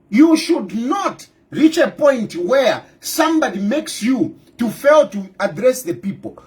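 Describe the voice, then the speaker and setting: Middle-aged Zambian male politician, very high and swooping voice, hammers rhetorical questions, bursts into shouts. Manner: breaks into loud outbursts. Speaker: opposition party leader. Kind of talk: impassioned political monologue.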